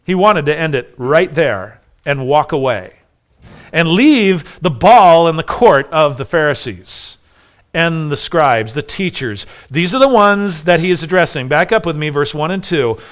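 A man's voice: a little high, lively intonation, measured pace. A man preaching a sermon, emphatic and full of rhetorical questions, often repeating his phrases. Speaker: pastor.

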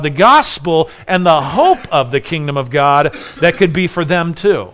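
Emphatic male preacher, slightly high voice. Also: a bit bright. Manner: emphatic, rhetorical questions, repeats phrases. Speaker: pastor. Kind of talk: sermon.

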